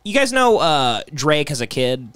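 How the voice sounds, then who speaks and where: A man's voice: a little high, big pitch swings, unhurried, a bit bright, smooth, no room sound. A man hosting a podcast, riffing and giggling through crude comedic banter. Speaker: podcast host.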